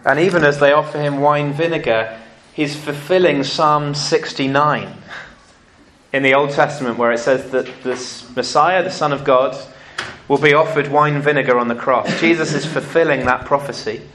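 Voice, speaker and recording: A man preaching a sermon, telling stories lively and acting out what people said. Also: a little high, moderate pace, slight background noise. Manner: lively storytelling, acting out quotes.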